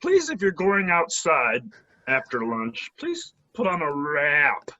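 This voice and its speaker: A man putting on the voice of a prim old male school principal reading slow, drawling announcements over a video call. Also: fairly high pitch, wildly swooping pitch, pushed and bright, no echo, dull audio, voice pushed up, exaggerated voice. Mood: fussy.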